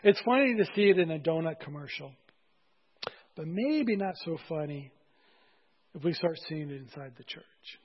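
High husky man preaching casually, church hall reverb, dull sound. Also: animated, moderate pace, long pauses. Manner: conversational, joking with congregation. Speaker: pastor. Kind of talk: sermon.

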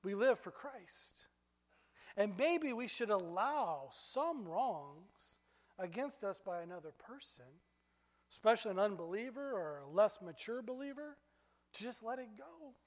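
A man preaching a sermon as pastor, telling stories in an animated way that climbs high when he gets excited. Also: measured pace, long reverb tail.

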